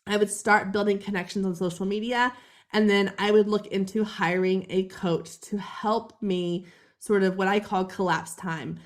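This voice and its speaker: A woman podcast host and business coach, hoarse and gravelly, giving direct advice to her listeners in a solo talk. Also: medium pitch.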